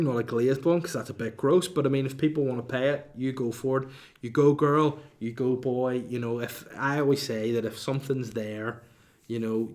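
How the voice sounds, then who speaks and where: A man hosts a relaxed solo podcast in a mid-range voice. He talks in a chatty, cheeky way, rambling through asides and reading out listener questions. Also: medium pitch. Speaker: podcast host. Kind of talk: casual solo podcast chat.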